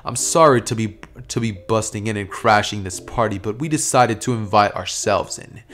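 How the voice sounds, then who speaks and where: A man voicing a calm, mock-polite male villain henchman in a fan-made story. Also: on the low side, moderate pace, lightly acted.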